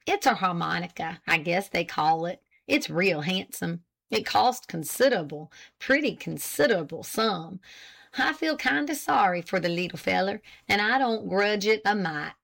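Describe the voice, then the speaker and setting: A woman's voice: mid-range voice, lively intonation, normal speed, vocal fry, a bit bright. A woman voicing an anxious, folksy old rustic man who talks in a drawling country dialect. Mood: earnest.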